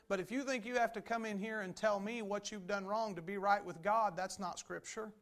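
A man's voice: high-pitched, fairly even intonation, fairly quick, hardly any pauses, a bit bright. A man preaching a sermon as a Baptist pastor, emphatic and repetitive. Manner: emphatic preaching with repeated phrases.

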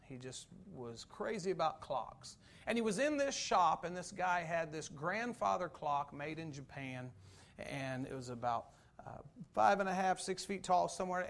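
High-voiced folksy preacher man. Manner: folksy joke-telling and emphatic preaching. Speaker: pastor. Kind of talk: sermon.

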